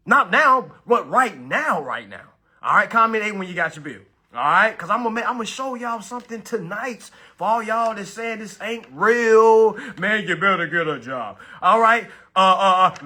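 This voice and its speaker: With a high voice and a breathy edge, a male livestream host runs an energetic social-media class on bills. He keeps urging viewers to comment and repeats phrases for hype, but shifts to slow, hushed delivery to drive key points home.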